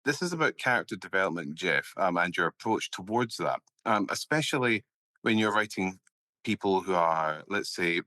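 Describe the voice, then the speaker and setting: A man's voice: sits low, animated, normal speed, pushed and bright. A man hosting an interview, hesitant with many fillers and restarts. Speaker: interview host, filmmaker. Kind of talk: casual interview conversation.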